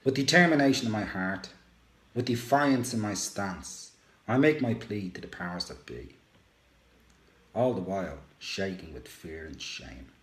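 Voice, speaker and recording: A man giving a dramatic reading of a first-person poem, emotive, with big rises and hushed drops. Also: deep voice, echoey room. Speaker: radio show host.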